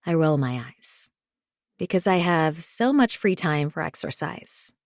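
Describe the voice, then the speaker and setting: A woman narrating a thriller audiobook in the first person, measured and understated. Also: low voice, expressive, no room sound, clean studio sound.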